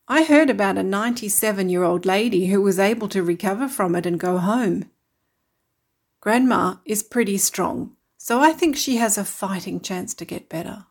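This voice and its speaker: A woman voicing a tired but caring mother in a storybook reading, speaking gently and reassuringly. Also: medium pitch, natural voice.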